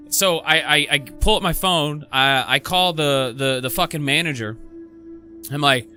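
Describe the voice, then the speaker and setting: A young gaming streamer with a slightly high voice tells his stream a rambling story at a moderate pace, excitable and cursing heavily. He keeps stumbling and restarting, with faint music playing behind him.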